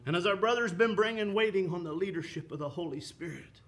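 A man's voice: high-pitched, fast, fairly bright tone. A man preaching a sermon with an impassioned, rising and falling cadence, quoting scripture.

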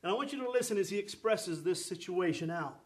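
Man, preacher, sermon, fervent, calls to the congregation, higher-pitched voice. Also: expressive, brisk.

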